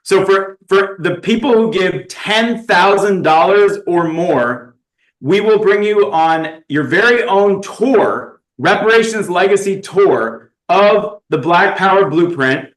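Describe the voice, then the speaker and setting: A man with a slightly raised voice steps in to present fundraising slides at a conference. He talks casually, pausing to fumble with the slides. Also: sits high, lively intonation, low-quality recording. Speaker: conference organizer.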